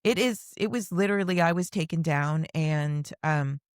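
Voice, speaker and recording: A woman with a slightly low voice talks through her story in a candid, rambling way, restarting sentences and dropping the odd curse word. The recording is close and dry, with no room sound around her. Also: moderate pace, clean tone, dry recording. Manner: frank, rambling with fillers and restarts, occasional swearing.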